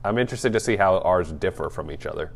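A young man with a very low, deep voice co-hosts a relaxed movie podcast. He talks in an easygoing, joking way and laughs a lot. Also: fast, vocal fry. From Atlanta area. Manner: laid-back, joking, laughs often. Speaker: podcast co-host. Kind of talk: casual movie podcast chat.

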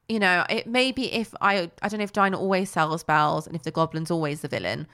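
A woman, chatting casually as a co-host and retelling a cartoon plot with lively, playful put-on voices. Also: brisk, few pauses, clear, resonant tone. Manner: animated storytelling with squeaky put-on character voices. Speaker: podcast co-host.

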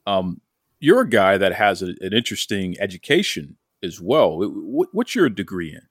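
A man's voice: low-pitched, sing-song, normal speed, breathy edge, dry recording, studio quality. A man hosting a podcast interview, enthusiastic and teasing in his questions. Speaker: podcast host.

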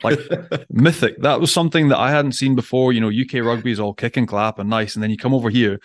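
A man's voice: mid-range voice, fairly even intonation, quick pace, no echo, clean studio sound. A man co-hosting a casual chat, jovial and teasing, laughing as he talks. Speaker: podcast co-host, former prop.

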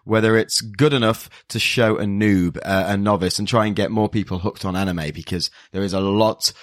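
A man's voice: fairly low pitch, steady tone, normal speed, no room sound. A man co-hosting a casual podcast, rambling and self-deprecating with playful swearing. He sounds drowsy and a little worn from hay fever pills. His voice is recorded close and dry, with no room sound. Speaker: podcast co-host. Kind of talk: casual chat.

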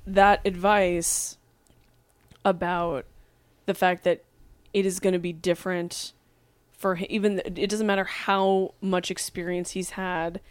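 A woman's voice: fairly low pitch, little pitch movement, measured pace, clean tone, dry recording. A woman hosting a podcast, giving earnest advice in casual chat with many fillers. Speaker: podcast host.

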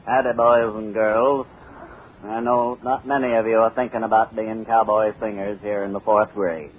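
A man playing a folksy cowboy singer with a slow drawl. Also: fairly low pitch, flat delivery, a little hiss or hum, close to an everyday voice. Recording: tinny old radio broadcast.

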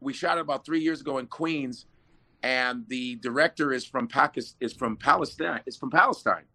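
A man, an actor being interviewed, chatting casually and telling lively stories with laughs. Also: mid-range voice, moderate pace. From Nigerian parents. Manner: animated storyteller, laughs often. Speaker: actor guest.

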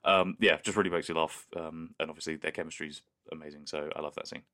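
A man's voice: rumbling low, steady tone, fast talker, sharp tone. A man co-hosting a podcast in casual chat, enthusiastic and conversational. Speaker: podcast co-host.

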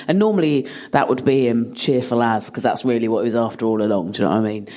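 A woman's voice: extremely low pitch, fast, hardly any pauses. A woman comedian telling comic stories in a chat, laughing as she talks. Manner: animated, laughs through her stories.

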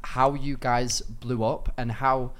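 A man's voice: medium pitch, little pitch movement, slow pace, fairly bright tone. A British man hosting a podcast, chatting casually and heaping praise on his guests. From Britain. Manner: effusive, praising, swearing casually. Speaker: podcast host. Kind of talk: casual chat.

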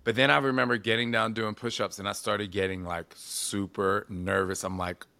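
A creaky, low-sided voice at a normal speed belongs to a man in his forties sharing stories in a casual interview. He's expressive and animated, using "like" a lot and swearing now and then.

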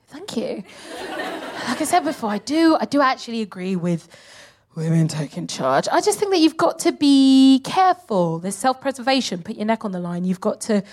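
A woman, co-hosting a live comedy podcast in an animated, sweary style and slipping into mocking impressions. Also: medium pitch. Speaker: co-host. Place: live stage before an audience.

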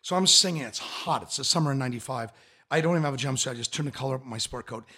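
A man in his fifties, an impersonator of a famous singer, telling his story in a casual interview, animated and laughing often. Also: medium pitch, rapid-fire, breathy edge. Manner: animated, laughing often, slips into quoted voices.

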